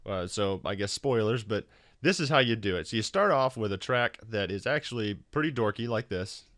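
A man talking through a casual software tutorial in a fairly low voice, recorded dry on a close mic. He rambles loosely, filling gaps with ums and restarting his sentences. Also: lively intonation, fairly quick, no room sound. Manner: loose, full of fillers and restarts. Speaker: YouTube tutorial maker.

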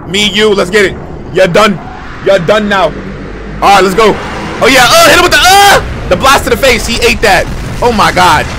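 A young man reacting live to a video, excitable and shouting at the screen. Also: high-pitched, background noise. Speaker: reaction streamer.

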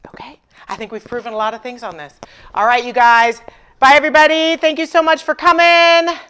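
A woman's voice: high voice, level tone, brisk, sharp tone, clear, resonant tone. A woman hosting a furniture painting livestream, chatting with viewers and telling stories with acted-out dialogue and self-deprecating humor. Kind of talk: casual livestream chat.

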